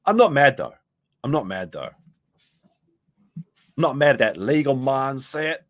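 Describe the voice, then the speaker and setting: A man's voice: medium pitch, big pitch swings, slow pace. Sarcastic rambling male commentator. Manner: sarcastic, rambling, mimics others in quotes. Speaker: commentary streamer. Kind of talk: mocking commentary on clips.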